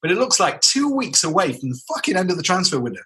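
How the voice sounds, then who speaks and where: Bright, slightly high male co-host, stammery and blunt. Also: sing-song, fast talker. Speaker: podcast co-host. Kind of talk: casual chat.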